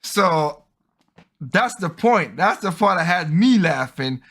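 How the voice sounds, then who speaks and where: Bright-voiced man hosting a podcast. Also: high voice, expressive, takes it slowly. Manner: rambling, opinionated, acts out quoted people. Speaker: podcast host. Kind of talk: casual opinion monologue.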